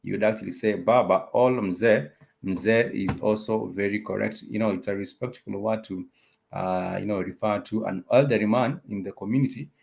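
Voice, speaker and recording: A man with a low, gravelly voice teaches an informal language lesson. He says each word several times and fills the gaps with hesitant pauses. His delivery is patient and conversational. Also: steady tone, a little mellow, slight background noise. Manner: repeats words and phrases slowly, many "uh" pauses. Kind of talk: casual spoken lesson.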